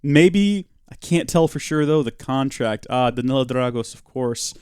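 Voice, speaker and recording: Guy streaming a game, chatty and joking at himself, talks to chat, mid pitch, close dry mic. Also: measured pace, a little mellow, clear, resonant tone, no room sound. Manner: chatty, self-mocking, answers chat as he plays. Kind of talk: casual live-stream commentary while playing.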